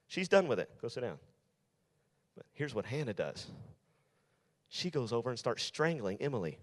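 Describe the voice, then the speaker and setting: A man's voice: medium pitch, sing-song, moderate pace, pauses often, big-room sound. A male youth pastor preaching to teenagers in an emphatic style, repeating his key lines. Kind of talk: sermon.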